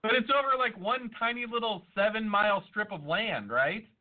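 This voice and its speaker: A man's voice: high-pitched, lively intonation, normal speed. A man co-hosting a podcast in casual, profane chat, arguing and joking. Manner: argumentative, jokey, swears a lot. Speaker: podcast co-host. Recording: tinny phone-like sound.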